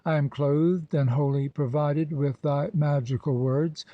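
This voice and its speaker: A man giving a measured, solemn reading of an ancient religious text as an audiobook. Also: fairly high pitch, steady tone, dry recording, dull audio. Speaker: audiobook reader.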